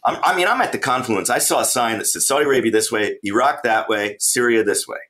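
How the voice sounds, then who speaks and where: A man, an author and traveler, telling a travel story as a guest in an interview, animated and laughing often. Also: medium pitch, fast talker.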